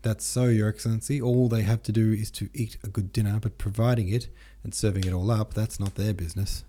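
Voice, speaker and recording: A man's voice: fairly low pitch, fairly even intonation, brisk, dark tone, slight background noise, lightly acted. A man reading a deferential old cook. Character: shrewd, respectful male cook. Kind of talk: audiobook character reading.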